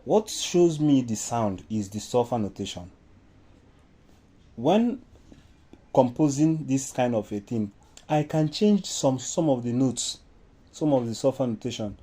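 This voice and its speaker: A man's voice: mid-range voice, expressive, unhurried, mellow. A man with a Nigerian English accent giving an informal music lesson, explaining step by step and singing solfa syllables as examples. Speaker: music teacher.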